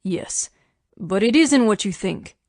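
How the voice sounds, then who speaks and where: A woman voicing a protective, commanding billionaire man in his thirties, speaking low, steady and insistent for an audiobook. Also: takes it slowly, dry recording, studio quality.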